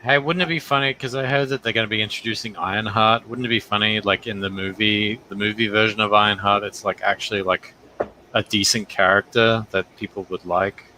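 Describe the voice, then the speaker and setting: Bright-voiced joking man in group chat. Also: on the low side, steady tone, fairly quick, a little hiss or hum, low-quality recording. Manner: joking, chatty. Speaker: guest on a livestream.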